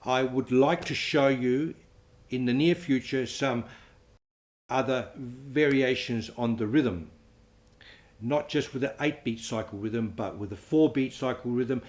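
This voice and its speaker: A man teaching a flamenco guitar lesson, counting beats aloud and explaining strokes in a relaxed, offhand way. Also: medium pitch, slow pace.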